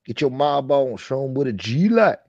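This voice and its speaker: A man's voice: mid-range voice, big pitch swings, moderate pace, a little mellow, no room sound, lo-fi sound. A man hosting a casual livestream chat, ranting with profanity and thanking viewers for donations. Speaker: livestream host.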